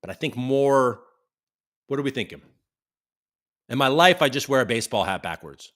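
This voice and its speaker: A man hosting a casual livestream at a middle pitch. He chats loosely and reads viewer comments aloud as they come in, throwing in the occasional swear, all spoken into a desk microphone. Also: expressive, moderate pace, a bit bright. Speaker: livestream host.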